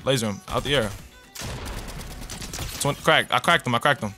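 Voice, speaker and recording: A man's voice: mid-range voice, moderate pace, sharp tone, soft background music. A man giving hyped, slangy commentary over gameplay while talking to his teammate. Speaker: gaming YouTuber.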